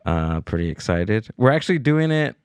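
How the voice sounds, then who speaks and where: A man's voice: lowish voice, sing-song, moderate pace, a little mellow, smooth, no room sound. A man co-hosting a comedy podcast, talking in an easygoing, rambling way and laughing often. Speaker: podcast co-host. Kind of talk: casual comedic banter.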